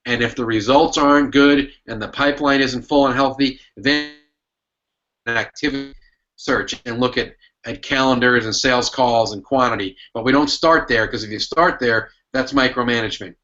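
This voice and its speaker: A man's voice: medium pitch, normal speed, pushed and bright, highs cut off. A man, a sales consultant and author, answering podcast interview questions with emphatic storytelling. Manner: emphatic storytelling, acts out his old manager's lines.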